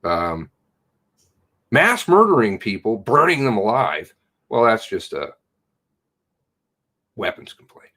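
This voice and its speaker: Guy ranting on his livestream, voice jumps all over, gets loud and worked up then calms down. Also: lowish voice, takes it slowly, pauses often. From Canada. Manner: indignant ranting, reads chat names aloud. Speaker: livestream host. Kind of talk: casual commentary livestream.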